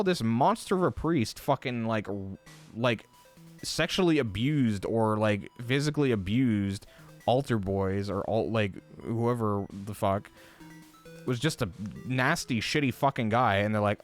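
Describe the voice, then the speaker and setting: A man hosting a live stream, ranting in a rambling, profane, animated way with many fillers. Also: medium pitch, a little slow, faint music behind. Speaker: livestream host. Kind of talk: casual livestream chat.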